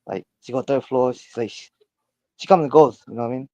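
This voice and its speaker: A man's voice: medium pitch, quick pace, darkish tone, dry recording, dull audio. A man calling in, telling a story casually in a rambling way, full of fillers and stammered repeats. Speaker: caller.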